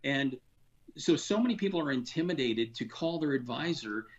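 This financial advisor guest, once an industry insider, speaks on radio in a casual, earnest, frustrated way, stumbling through fillers and restarts. His mid-range voice is animated at a moderate pace, with the top end clipped.

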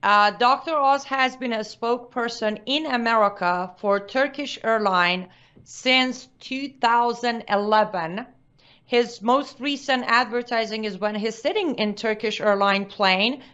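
Woman, talk show guest, high voice, emphatic, muffled lo-fi recording. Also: measured pace, fairly bright tone. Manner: emphatic, firm statements. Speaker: guest commentator. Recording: dull lo-fi sound.

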